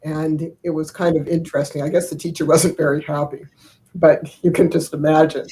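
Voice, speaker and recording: A woman's voice: sits low, little pitch movement, brisk, mellow, rough recording. An older woman chatting casually over a video call, telling family stories in a rambling, chuckling way with many fillers. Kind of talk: casual storytelling chat.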